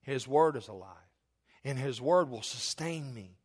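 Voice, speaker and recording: A man's voice: medium pitch, lively intonation, a little slow, breathy edge. A middle-aged male pastor, preaching a sermon with stories that build to an emphatic, rising delivery.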